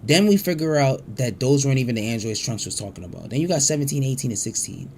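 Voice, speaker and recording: A man giving casual reaction commentary as a streamer, excitable, profane and rambling with frequent restarts. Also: mid-range voice, quick pace, a little hiss or hum.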